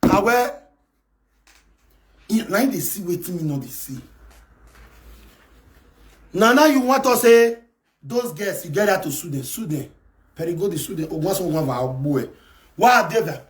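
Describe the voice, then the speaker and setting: Nigerian man, loud scolding live-stream rant, pitch leaping high and low. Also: expressive, unhurried, long pauses. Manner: shouting, scolding and taunting in Pidgin-laced English. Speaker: live video host. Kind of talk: angry ranting live stream. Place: abroad in France.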